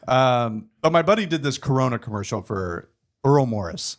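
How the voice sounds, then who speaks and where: Podcast guest, man, mid pitch, lively storyteller, does the voices. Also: normal speed. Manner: animated, acts out quoted people. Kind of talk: casual storytelling chat.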